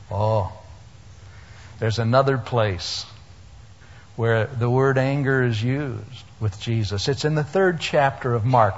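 Animated preacher in a dull, echoing hall. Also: male voice, medium pitch, gravelly, breathy edge. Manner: animated storytelling, acting out voices with humor. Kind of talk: sermon.

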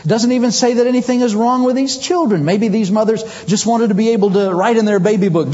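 A male preacher giving a sermon in a humorous, animated way, acting out scenes. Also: high-pitched, fast, few pauses, lo-fi sound.

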